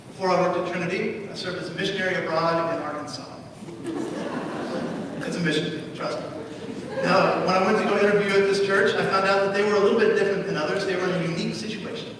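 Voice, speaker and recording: High-voiced pastor in an echoey hall. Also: male voice, steady tone, fast, heavy background noise. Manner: storytelling, dry humor. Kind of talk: sermon. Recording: echoey church hall from far off.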